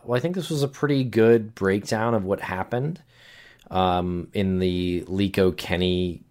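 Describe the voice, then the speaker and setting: Deep-voiced male podcast co-host. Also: measured pace, darkish tone. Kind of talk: casual true-crime discussion.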